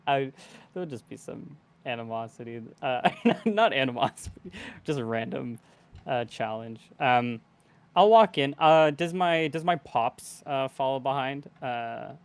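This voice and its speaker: A man's voice: medium pitch, expressive, measured pace, clean tone. Hesitant, rambling man player. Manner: hesitant, rambling, laughs often. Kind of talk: casual tabletop game play.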